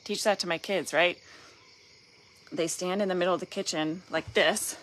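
A Southern woman with a low voice talks into a phone in a loose, candid way. She rambles and pokes fun at herself, and faint outdoor night sounds sit behind her. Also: fairly even intonation, normal speed, fairly bright tone, slight background noise. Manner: candid, rambling, self-deprecating. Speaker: painting business owner guest host. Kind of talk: casual livestream talk.

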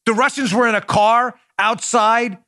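Male podcast host, high-pitched and sharp-toned, sarcastic and emphatic, dry close sound. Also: steady tone, measured pace, no room sound. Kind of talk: opinionated podcast monologue.

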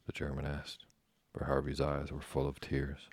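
A man reading a novel aloud as audiobook narration, in an even, unhurried storytelling manner. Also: a bass voice, vocal fry, breathy edge, no echo. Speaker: audiobook reader.

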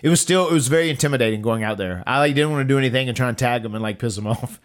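A man hosting a podcast, telling a story in a loose, animated way and acting out quotes. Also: very fast. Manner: animated, acts out quotes with rising pitch. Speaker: podcast host. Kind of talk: casual storytelling.

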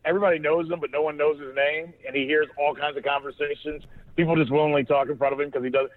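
A man hosts a casual sports podcast, voice a touch high. He rambles and swears freely, restarting his sentences. The sound is thin and phone-like. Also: little pitch movement, fast talker. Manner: loose, profane, rambling with restarts. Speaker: podcast host.

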